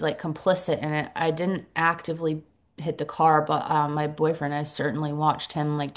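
Earnest, halting middle-aged woman sharing. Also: low voice. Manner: halting, earnest, reflective, many pauses and restarts. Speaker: recovery group member sharing. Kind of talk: personal sharing at a support meeting.

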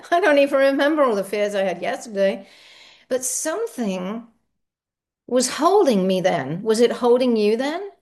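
Laughing, animated woman sharing at a meeting. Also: a little high, a little slow, long pauses. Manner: animated, laughing often, spiritual musing. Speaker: recovery meeting speaker.

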